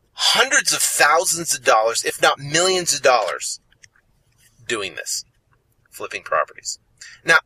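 A man's voice: a little high, bright, forceful tone, slightly rough, no room sound, rough recording. A man hosting a motivational podcast, talking emphatically and repeating phrases for effect. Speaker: podcast host.

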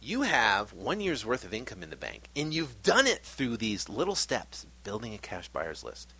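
A middle-aged man hosting a podcast, giving an energetic, animated pep talk. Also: fairly low pitch, moderate pace, husky. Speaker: podcast host.

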